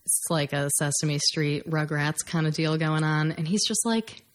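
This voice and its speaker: A woman's voice: deep voice, moderate pace. A young woman in casual conversation, chatty and upbeat, filling her talk with "like". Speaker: conversation partner. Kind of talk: casual chat.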